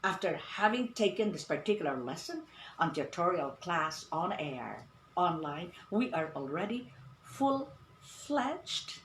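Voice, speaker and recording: Woman English tutor, emphatic and animated, in a roomy space. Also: fairly low pitch, measured pace. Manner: emphatic, repeats "no, no" when correcting. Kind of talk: radio-style online English lesson. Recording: echoey room with faint ambient noise.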